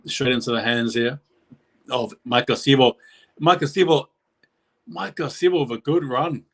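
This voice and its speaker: A man with a medium-pitched, somewhat bright voice calls a match live as a stream host. He rambles and corrects himself, and his voice leaps up whenever there's a big play.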